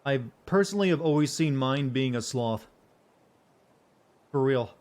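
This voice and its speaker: Deadpan man streaming a game. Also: medium pitch, unhurried. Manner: flat deadpan voice. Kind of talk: casual livestream chat.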